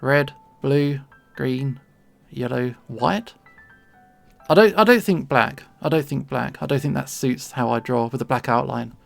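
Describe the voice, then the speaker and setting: A man's voice: mid-range voice, measured pace, vocal fry, soft background music. A man streaming casual chat to his viewers while he draws, friendly and rambling, often repeating words as he starts a sentence. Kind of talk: casual chat to a livestream audience while drawing.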